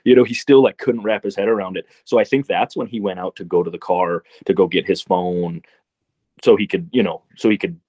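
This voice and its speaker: A man guesting on a podcast, talking about a film in a relaxed, rambling way. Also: low voice, brisk, no room sound. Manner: relaxed, rambling, many fillers. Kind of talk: casual movie discussion.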